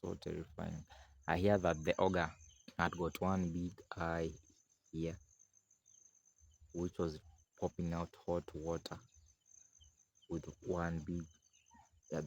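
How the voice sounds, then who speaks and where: A man telling a village folk tale outdoors in a rambling, animated, casual way, acting out the figures himself. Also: deep voice, takes it slowly, vocal fry, pauses often, slight background noise. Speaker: storyteller. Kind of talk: casual oral storytelling.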